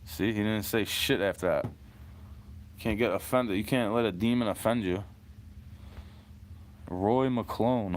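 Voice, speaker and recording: A man's voice: fairly low pitch, moderate pace, long pauses, a little hiss or hum. A man in his thirties from New York City, ranting in a rambling, profane monologue and chuckling between points.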